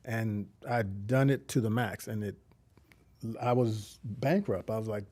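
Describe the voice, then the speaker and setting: In a fairly low, slightly mellow voice and at a measured pace, a middle-aged man shares his faith as an interview guest. The community founder sounds earnest and reflective, and his sentences keep restarting.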